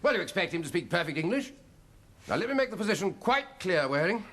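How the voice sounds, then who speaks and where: Stern senior consultant, bright, lively delivery. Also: male voice, sits high, fast talker, heavily acted. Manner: stern, lecturing, authoritative. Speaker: senior doctor.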